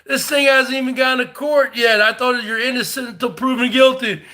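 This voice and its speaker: A man doing a comic impression of a brash loudmouth who taunts a rival over and over in shouty bursts. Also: very high voice, fairly even intonation, normal speed. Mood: taunting. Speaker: parody comedian. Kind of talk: comedic impression rant.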